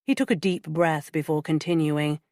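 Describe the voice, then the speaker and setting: Low-voiced woman narrating a thriller. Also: fairly even intonation, moderate pace, a little mellow, no room sound, studio quality. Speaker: audiobook narrator. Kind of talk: scripted narration.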